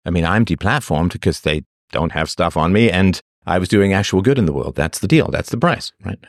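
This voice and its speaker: A man's voice: sits low, expressive, fairly quick, vocal fry, no echo, clean studio sound. A man hosting a livestream, delivering an opinionated monologue to his chat in a sarcastic, mocking way. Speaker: livestream host.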